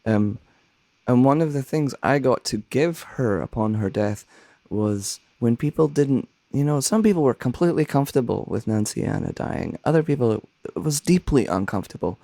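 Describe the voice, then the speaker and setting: A man's voice: mid-range voice, animated, moderate pace, creaky, warm tone, no echo. A man who is a minister and songwriter, talking thoughtfully and earnestly in a soothing, scratchy voice, sometimes searching for words. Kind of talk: reflective conversation.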